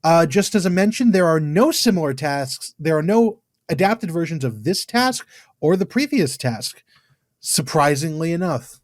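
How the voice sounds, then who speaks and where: Podcast guy, slightly high voice, dead dry mic, reads out scores and corrects his cohost. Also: sing-song, normal speed, dry recording. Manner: dry, corrective, keeps things on track. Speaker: podcast co-host. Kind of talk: casual chat.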